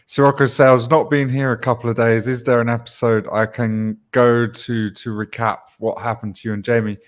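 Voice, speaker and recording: A man chatting casually as co-host of a group talk show, telling stories with a wry, soft-trailing delivery. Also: mid-range voice, little pitch movement, normal speed.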